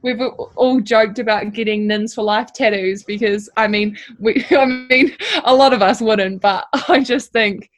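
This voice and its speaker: A woman's voice: a little high, steady tone, unhurried, hardly any pauses. A young woman, an apprentice telling a candid, emotional personal story full of "like" and "you know.". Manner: candid and heartfelt, with lots of fillers like "like" and "you know". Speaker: apprentice tradesperson, guest.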